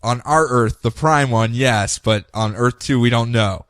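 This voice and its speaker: A man's voice: mid-range voice, measured pace, fairly bright tone, clean tone, dry recording, clean studio sound. A man hosting a casual comic-book podcast, easygoing and laughing often. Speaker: podcast host.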